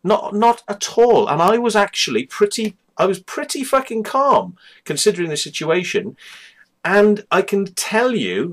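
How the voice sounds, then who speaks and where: A man telling a personal story to camera, heated and sweary, who keeps checking in with "right?" and "yeah?". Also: fairly high pitch. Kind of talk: angry personal account to camera.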